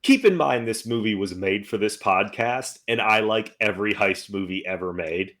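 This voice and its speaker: Low-voiced, enthusiastic male podcast co-host. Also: normal speed, fairly bright tone. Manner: enthusiastic, blunt. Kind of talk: casual chat.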